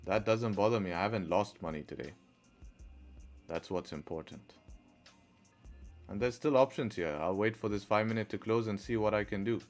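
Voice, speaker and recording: This man's voice is fairly low and a little mellow, at a moderate pace with frequent pauses, over faint background music. Livestreaming his trades, he reasons aloud, responds to chat and groans when things go badly.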